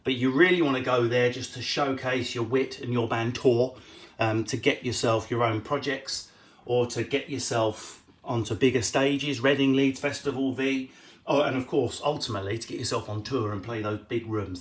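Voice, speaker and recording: A man's voice: mid-range voice, fairly even intonation. A man, a comedian, answering viewer questions at home in a casual, cheeky, sweary way. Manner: cheeky, sweary, quick-witted. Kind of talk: casual live Q&A.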